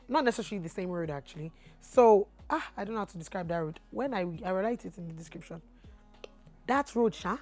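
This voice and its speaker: A woman with a Nigerian accent telling a storytime vlog, swinging from low asides to loud outbursts. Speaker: vlogger.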